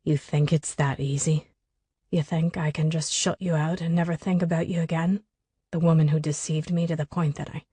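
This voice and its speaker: Woman narrator putting on a clipped, seething man who keeps his voice down; deeper than her own, dry close read. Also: little pitch movement, moderate pace, dark tone, husky, dry recording. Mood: bitter. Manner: low, harsh, clipped, often under his breath. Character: angry young man, harsh and guarded. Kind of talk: audiobook character voicing.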